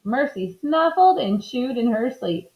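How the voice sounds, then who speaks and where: A woman reading a children's book aloud in an expressive, animated way. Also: a little high, unhurried. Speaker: storybook reader. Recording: slightly dull lo-fi recording.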